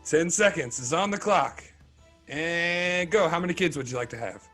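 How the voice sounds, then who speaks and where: A man hosting a casual podcast quiz game, firing off quick questions and laughing often. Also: on the high side, expressive, bright, forceful tone, soft background music.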